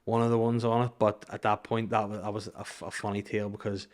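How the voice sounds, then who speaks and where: A man's voice: on the low side, little pitch movement, fast. A young adult man, an actor, chatting casually on a podcast with a joking, rambling manner and frequent restarts. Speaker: actor guest.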